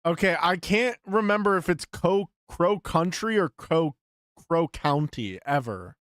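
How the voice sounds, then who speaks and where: A young man with a slightly high, a bit bright voice and lively intonation speaks a little slowly while live-streaming. He chats to viewers as he guesses games, muttering and swearing at misses and humming game tunes under his breath, in a dry, clean studio recording.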